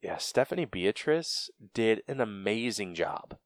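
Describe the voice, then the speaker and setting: A man co-hosting a casual podcast, his voice sitting on the low side and his talk unhurried and drawn out. He rambles through his points with plenty of fillers and the odd laugh. The sound is dry and close, with no room around it. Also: sing-song, dry recording. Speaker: podcast co-host. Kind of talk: casual chat.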